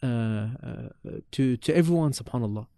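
As a podcast guest, a man reminisces about his teachers in relaxed, animated storytelling, often circling back and repeating words and mixing in Arabic religious terms. His creaky voice is at an ordinary middle pitch and normal speed, recorded close and dry with no room echo.

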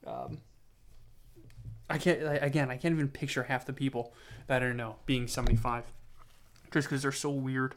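Tired young man rambling on his podcast. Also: medium pitch. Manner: meandering, self-mocking, full of fillers and restarts. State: tired, yawning. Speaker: podcast host. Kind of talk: rambling solo podcast monologue.

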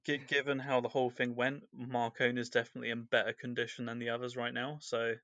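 A man's voice: mid-range voice, flat delivery, quick pace, a bit bright, no room sound, lo-fi sound. A man co-hosting a podcast, recapping a novel's chapters in a loose, rambling way full of fillers. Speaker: podcast co-host. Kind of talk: casual book discussion.

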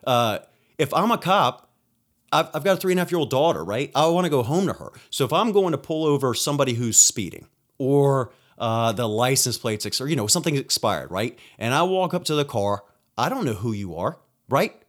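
A man's voice: mid-range voice, expressive, brisk. A young man hosting a solo podcast, ranting in a heated, profane way, rambling with restarts and acting out quotes. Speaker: podcast host; nurse. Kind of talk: opinionated solo rant.

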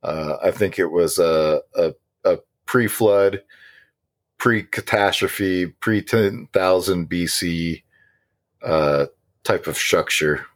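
A man's voice: low-pitched, slow, no echo. A man co-hosting a casual conspiracy podcast, rambling with many ums and restarts. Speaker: podcast co-host.

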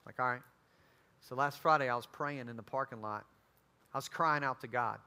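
A man's voice: medium pitch, normal speed, smooth. A man, a student ministry pastor, telling a personal story in a sermon and acting out the other people in it. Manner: animated, acts out the voices of others in his story.

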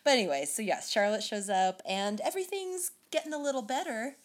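A woman's voice: fairly high pitch, expressive, fairly quick. A woman co-hosting a podcast, chatting enthusiastically about a children's book and laughing often. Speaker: podcast co-host. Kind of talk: casual book discussion.

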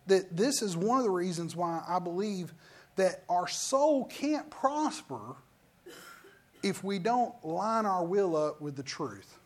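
A middle-aged male pastor giving a sermon, telling personal stories and acting out the lines of each person in them with emphasis. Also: high voice. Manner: storytelling with acted-out quotes, emphatic.

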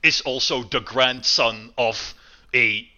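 A man chatting casually on a podcast with a very bright, sharp-edged voice. He rambles, piles up fillers, and restarts his sentences often. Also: takes it slowly, dull audio. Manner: rambling, many fillers and restarts, lively swings in pitch. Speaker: podcast co-host. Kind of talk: casual chat.

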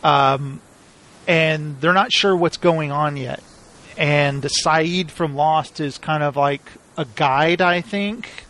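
A man's voice: fairly high pitch, takes it slowly. A man in casual chat, talking at length and acting out quoted lines. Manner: rambling, animated, acts out quoted lines. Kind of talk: casual chat about TV shows.

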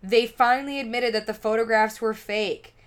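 A woman's voice: fairly high pitch, steady tone, normal speed, clear, resonant tone. A woman co-hosting a podcast, casually retelling a story with lots of swearing, fillers and laughter. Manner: profane, giggly, rambling storyteller. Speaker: podcast co-host.

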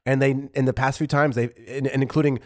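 A man's voice: mid-range voice, steady tone, fast talker, dry recording, clean studio sound. A man from California in his thirties, chatting casually as a podcast co-host, rambling with lots of fillers and restarts. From California, USA. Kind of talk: casual chat.

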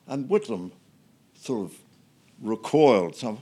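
An older Australian man, a guest in an interview, telling anecdotes in a relaxed way with many fillers and restarts. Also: medium pitch, measured pace, breathy edge.

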